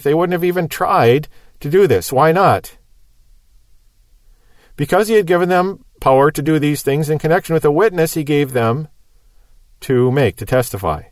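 A man's voice: mid-range voice, no echo. A man preaching a sermon in a conversational, explanatory way, asking rhetorical questions.

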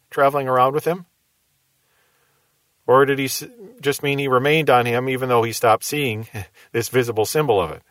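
A man teaching through Bible verses in a measured, explaining way, often asking rhetorical questions. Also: fairly high pitch, fairly bright tone, dry recording.

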